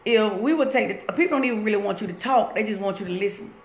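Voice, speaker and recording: A woman speaks quickly at medium pitch in a casual motivational live stream from her workplace, filmed on her phone. She rambles loosely and interrupts herself to greet viewers. The room echoes, with faint background noise.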